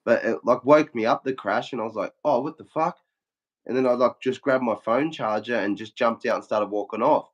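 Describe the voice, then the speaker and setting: A man's voice: mid-range voice, fairly quick, hardly any pauses. Swearing Australian man, lo-fi sound. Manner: swears a lot, acts out quotes in a flat retelling. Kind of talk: casual chat.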